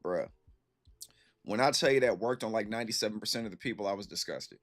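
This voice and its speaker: A man in his thirties talks fast in a fairly low voice, chatting casually with his stream viewers. He tells an animated story full of slang and repeats himself for emphasis.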